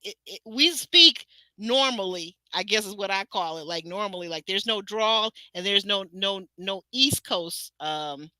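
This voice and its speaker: A woman from Detroit hosts a casual livestream recap. Her voice is very bright and the sound is dry and close. She talks in an animated, chatty way and reads viewer comments aloud. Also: medium pitch, measured pace, no room sound. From Detroit, Michigan. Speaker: show host.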